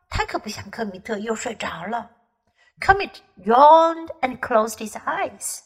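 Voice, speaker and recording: A woman English teacher reading a bedtime story aloud, slow and expressive. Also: high voice.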